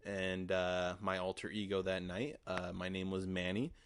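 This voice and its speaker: A man's voice: sits low, flat delivery, moderate pace, smooth, no room sound. Rambling, profane young man telling a story. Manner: rambling, profane, lots of fillers. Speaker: podcast host. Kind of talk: casual storytelling monologue.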